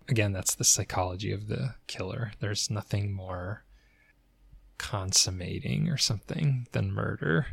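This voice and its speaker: A man's voice: fairly low pitch, gravelly, breathy edge, no room sound. A man co-hosting a podcast, talking through a book in a thoughtful, hedging way and searching for words. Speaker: podcast co-host. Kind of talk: casual book discussion.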